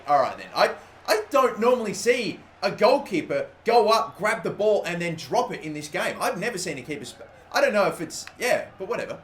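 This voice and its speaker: Brief: young man, gaming commentary, fairly high voice, excitable, curses a lot, echoey room with faint noise. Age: 20s. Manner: excitable, swears often, swings from shouting to muttering. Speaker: gaming YouTuber. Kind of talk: live gameplay commentary.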